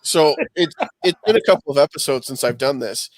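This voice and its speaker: Casting: male podcast co-host, mid pitch, rambling and casual, dry close mic. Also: fairly quick, no echo. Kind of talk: casual chat.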